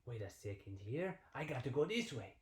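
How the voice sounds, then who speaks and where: Man voicing a storybook snake-cube boy, five years old, earnest, hushed and low, echoey room. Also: big pitch swings, normal speed, slight background noise, lightly acted.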